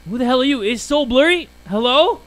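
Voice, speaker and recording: A man giving loud, jumpy commentary on a horror game, swearing and joking through his fear. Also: extremely high pitch, animated, brisk. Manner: jumpy, swears a lot, yells at monsters then jokes. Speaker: gaming YouTuber.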